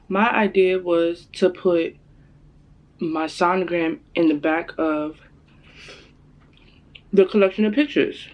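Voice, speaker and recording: A woman's voice: slow pace, long pauses, lo-fi sound. A young woman, telling a personal story to her camera in casual chat, acting out what people said. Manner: animated, acts out quotes in a higher voice. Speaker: vlogger.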